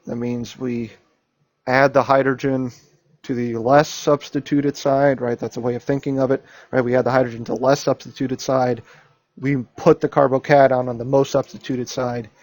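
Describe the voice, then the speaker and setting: Guy going over an exam for his class, keeps saying okay right, dry close mic, middle pitch. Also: dry recording. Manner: emphatic, repeats key points with frequent "okay?" and "right?". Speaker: chemistry instructor. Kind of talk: lecture reviewing an exam.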